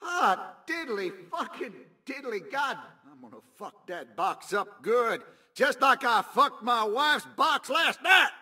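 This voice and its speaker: A man's voice: very high-pitched, big pitch swings, slow, bright, forceful tone, exaggerated voice. A man voicing a foul-mouthed, hot-tempered repairman in a video game, ranting and cursing to himself.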